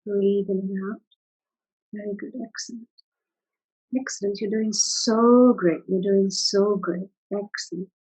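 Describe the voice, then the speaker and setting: Soothing husky woman guiding tapping. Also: medium pitch, unhurried, rough recording. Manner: soothing, praising, gives calm step-by-step prompts. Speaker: tapping coach. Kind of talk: guided tapping session.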